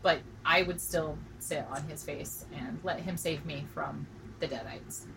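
A woman in her forties co-hosting a casual chat, joking and bawdy, telling stories with animated energy. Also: low voice, measured pace, creaky, noisy background. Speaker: podcast co-host.

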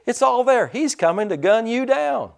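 Guy putting on a jumpy high-pitched deputy, all worked up, sermon story. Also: animated, normal speed, vocal fry, full character voice. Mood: alarmed. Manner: high-pitched alarmed exclamations. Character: jittery excitable small-town deputy, man.

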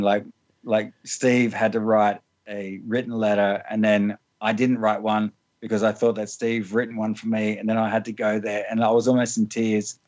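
A man's voice: fairly low pitch, a little mellow, dull audio. Laughing, rambling man telling stories. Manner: rambling, laughs often, many fillers and restarts. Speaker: interview guest. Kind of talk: casual storytelling.

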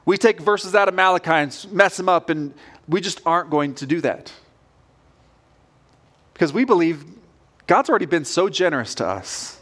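A man's voice: high-pitched, lively intonation, normal speed, long pauses, fairly bright tone. A man preaching a sermon as pastor, earnest and direct in a conversational way.

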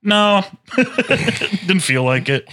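A man's voice: high-pitched, big pitch swings, drawn-out words, bright, forceful tone. A man co-hosting a podcast, trading dry jokes in casual chat. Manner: dry joking banter. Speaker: podcast co-host.

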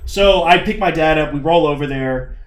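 Fairly high in pitch and at normal speed, a young man narrates a story in an echoey room. He's animated and profane, casually performing both what he said and what others said.

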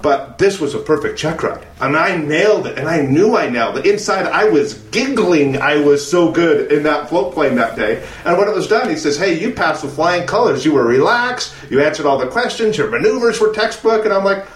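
A man telling a lively story on a casual aviation podcast, laughing and restarting as he goes. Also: a little high, brisk, hardly any pauses, reverberant. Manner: animated storyteller, restarts and laughs through lines. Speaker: podcast co-host.

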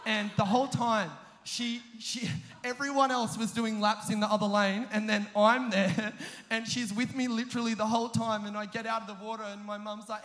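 A young preacher with a very high voice tells a story that makes fun of himself, laughing through his sentences. He is lively and quick to poke fun at his own mishaps. His voice carries a long reverb from the large hall where he preaches. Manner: animated, self-mocking, often laughing mid-sentence. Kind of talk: humorous storytelling sermon.

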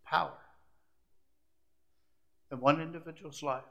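A man preaching a sermon, shifting from hushed, confiding asides to rising, emphatic climaxes that stack short repeated phrases. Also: fairly high pitch, steady tone, a little slow, gravelly. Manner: repetitive, building lists of short phrases.

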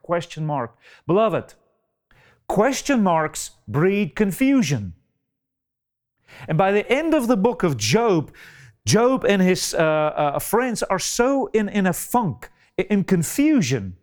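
Slow, dramatic male preacher. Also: sits high, clear, resonant tone. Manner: slow, dramatic delivery with many rhetorical questions. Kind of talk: sermon.

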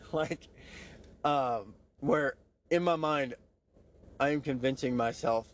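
A man's voice: medium pitch, extremely slow, pauses often. Candid, profane man in a personal monologue. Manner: candid, profane, self-mocking, frequent "right?" asides. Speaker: podcast host.

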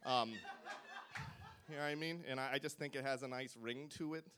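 A man's voice: mid-range voice, fairly even intonation, brisk, bright, forceful tone, clean tone. Male stand-up contestant, medium voice, rambling and wry, live club. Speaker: comedian contestant. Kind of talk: stand-up riffing.

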